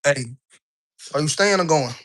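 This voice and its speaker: A man's voice: a little high, expressive, normal speed, a bit bright. Chatty man giving a live-stream house tour. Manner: loose, chatty, keeps asking "right?". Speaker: online business coach. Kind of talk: casual walk-through live stream. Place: indoors in a house, walking room to room.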